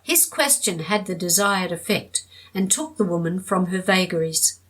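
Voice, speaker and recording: A woman reads an audiobook aloud. Her delivery is measured and steady, keeping an even storytelling pace through the narration. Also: fairly low pitch, breathy edge, poor audio.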